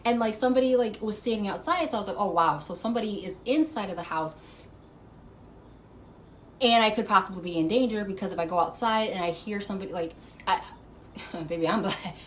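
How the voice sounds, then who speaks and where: A woman vlogger telling a story to camera, animated and profane, laughing as she goes. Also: medium pitch, a little fast, pauses often, slight background noise. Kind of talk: casual storytime monologue.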